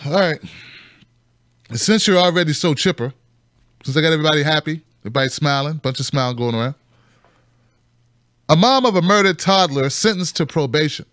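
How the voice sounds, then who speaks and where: A fairly high-voiced man riffs on the news as a show host, swinging from sarcastic squeaks to low mutters. His voice sits close and dry, with no room sound around it. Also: lively intonation, a little fast, pauses often, fairly bright tone, clean tone, no echo. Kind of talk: casual commentary on news.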